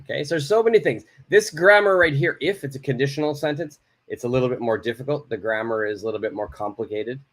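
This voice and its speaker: A man teaching an online English lesson, repeating example phrases slowly and clearly. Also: medium pitch, a bit bright.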